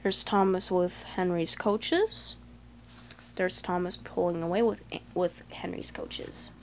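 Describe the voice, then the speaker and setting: Taking it slowly, a fan with a low-leaning, fairly even voice shows off a picture book one page at a time. She chats casually, sprinkling in lots of "like," little gasps and small voices, with slight background noise behind her.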